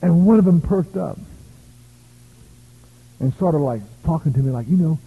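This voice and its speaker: A man's voice: fairly high pitch, animated, moderate pace, breathy edge. A man from the United States preaching a revival sermon, telling stories with bursts of praise. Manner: emphatic, storytelling, shouts of praise. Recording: tinny lo-fi phone-like audio.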